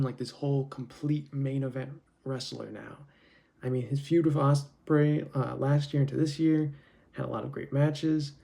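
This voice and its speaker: A man talks casually as the host of his own show, rambling and often restarting his sentences. His voice is gravelly and dark, with a mellow tone. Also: medium pitch. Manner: rambling, many "like" fillers and restarts. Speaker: wrestling commentary host. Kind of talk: casual solo wrestling opinion talk.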